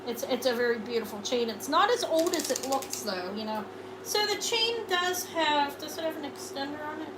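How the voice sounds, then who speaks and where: A woman's voice: high-pitched, big pitch swings, moderate pace, noisy background. Chatty woman selling jewelry live. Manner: chatty, rambling, trails off and restarts. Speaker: online jewelry seller. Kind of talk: live sale chat.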